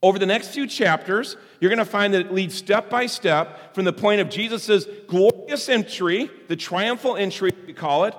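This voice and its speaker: A pastor preaching a sermon, conversational in tone, with fillers and restarts. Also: male voice, sits high, moderate pace, hardly any pauses. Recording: long hall reverb.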